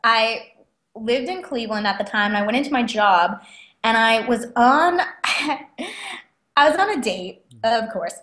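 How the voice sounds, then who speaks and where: A young adult woman, a guest author, telling stories in a chatty, animated way and laughing often. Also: a little high, a little slow, pauses often. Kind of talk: casual interview storytelling. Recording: roomy echo.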